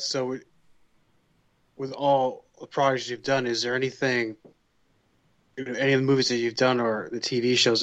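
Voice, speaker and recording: A man with a mid-pitched voice hosts a casual podcast interview. He rambles and rephrases as he asks his questions. The recording sounds dull and lo-fi. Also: a bit bright. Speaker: podcast host.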